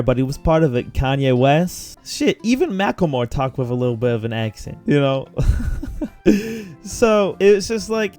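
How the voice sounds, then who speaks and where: A man's voice: a little high, darkish tone. A young man hosting a casual reaction show, rambling, cussing and laughing often.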